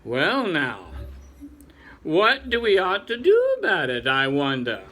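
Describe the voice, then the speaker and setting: A man voicing a pompous older male chief rabbit in a storybook reading, speaking in a slow, patronizing drawl. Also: high voice, wildly swooping pitch, bright, forceful tone, heavily acted.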